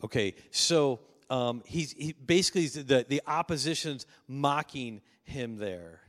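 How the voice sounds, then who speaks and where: A man's voice: medium pitch, expressive, measured pace, in a large hall. A man preaching a sermon as pastor, earnest and emphatic, often restarting his sentences.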